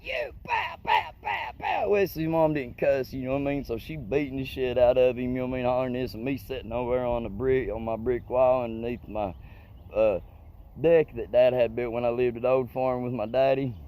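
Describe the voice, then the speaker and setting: A man's voice: mid-range voice, fairly even intonation, fairly quick, mellow, clear, resonant tone. A man telling a story in a rambling, profane, colloquial way. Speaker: comedic storyteller. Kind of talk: casual storytelling monologue.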